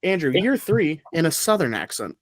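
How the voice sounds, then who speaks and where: A man's voice: a little high, very animated, normal speed, dry recording. A man hosting a casual podcast game show, playful and laughing often between rules.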